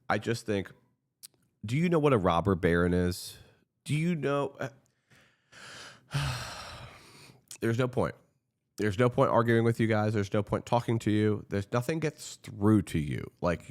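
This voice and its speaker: A man giving impassioned political commentary, earnest and frustrated, pleading directly with his viewers. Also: lowish voice.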